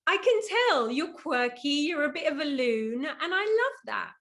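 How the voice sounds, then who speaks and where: An English woman in her thirties hosts an interview over a video call. Her voice sits high and bubbly. She jokes along and laughs readily with her guest. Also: very animated, moderate pace, fairly bright tone. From England. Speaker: interview host.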